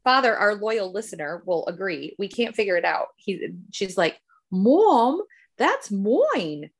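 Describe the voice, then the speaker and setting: A woman's voice: mid-range voice, normal speed, fairly bright tone. A middle-aged woman, a podcast co-host and mother, telling family stories in casual, rambling chat. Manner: chatty, rambling storytelling.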